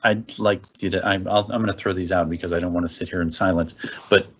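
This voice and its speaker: A man's voice: low voice, fairly even intonation, fast, dull audio. A man training parents in a casual presentation, talking conversationally and often checking in with "okay?".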